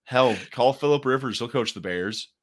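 On a laid-back sports talk show, this male co-host speaks in a mid-range voice at a normal speed. He wanders from point to point and cracks jokes, with plenty of fillers and restarts along the way.

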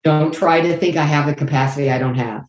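Middle-aged woman with a low voice talking candidly in an interview, kinda echoey room. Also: fast. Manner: earnest and candid, with lively acted-out quotes. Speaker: guest. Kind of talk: faith-based interview answer.

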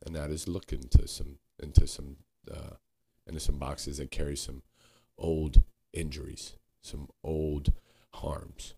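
A man co-hosting a podcast, talking earnestly and haltingly, searching for words and swearing now and then. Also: extremely low pitch, flat delivery, vocal fry, mellow, slightly rough. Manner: frequent swearing. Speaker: podcast co-host. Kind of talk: candid reflective conversation.

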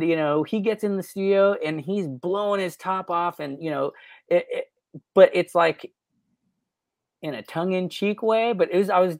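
A man's voice: high-pitched, no echo. A man, a guest on a podcast, telling studio stories in a loose, rambling way, full of fillers. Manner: rambling, full of "you know" fillers, laughs at himself. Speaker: guest, record producer and engineer. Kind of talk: casual storytelling in a podcast interview.

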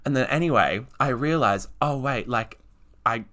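A man's voice: mid-range voice, normal speed. A young man co-hosting a podcast in casual chat, telling stories with lots of "like" fillers. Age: young adult. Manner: chatty storyteller, many "like" fillers, animated retellings. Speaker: podcast co-host.

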